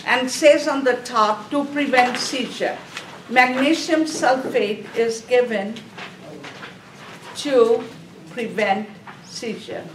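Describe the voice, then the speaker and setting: A nursing instructor with a fairly high voice lectures slowly, with long pauses, asking her students questions she then answers and repeating key terms. Background noise and an echoey room come through the far-off mic.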